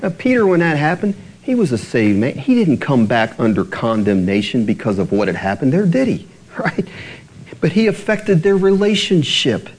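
A man's voice: fairly high pitch, lively intonation, moderate pace, darkish tone, slight background noise, rough recording. A male pastor delivering a conversational sermon, often checking in with his listeners through rhetorical questions.

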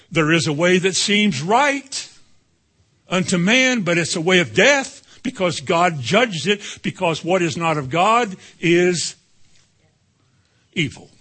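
A man's voice: sits high, sharp tone. A man preaching a sermon, emphatic and calling out to the congregation for responses.

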